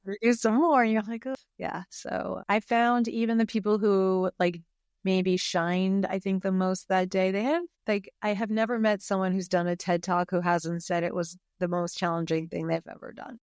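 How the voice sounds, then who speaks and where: A woman speaking as a podcast guest in casual conversation, openly emotional and expressive, talking in quick bursts. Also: medium pitch, clean tone, dry recording, clean studio sound.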